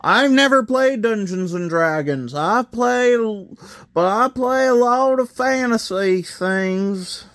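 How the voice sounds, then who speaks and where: A man with a slightly high voice talks through a toy set review at a slow, unhurried pace. He rambles, makes wry self-deprecating asides and keeps drifting off topic. The sound is dry and close. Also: animated, a bit bright, dry recording.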